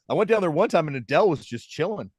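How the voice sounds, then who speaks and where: A man's voice: on the high side, big pitch swings, a little fast, darkish tone, breathy edge, no echo. A man co-hosting a podcast, telling stories in a laid-back casual way with lots of fillers. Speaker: podcast co-host. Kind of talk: casual chat.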